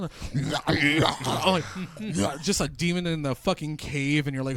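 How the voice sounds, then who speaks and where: Animated swearing male podcast host. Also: fairly high pitch, normal speed, few pauses. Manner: animated, swears freely, acts out reactions. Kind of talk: casual chat.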